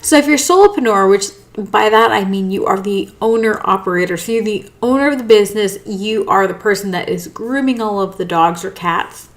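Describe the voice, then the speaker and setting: A woman's voice: mid-range voice, brisk, hardly any pauses. Tired, yawning woman host; casual, rambling, apologetic delivery. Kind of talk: casual live talk.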